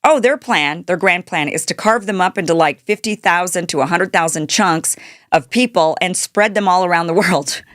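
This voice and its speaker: A woman with a fairly low, slightly bright voice hosts a political commentary show at a moderate pace. Her unscripted monologue is indignant, full of rhetorical questions and restarted sentences. The recording is dry, with clean studio sound.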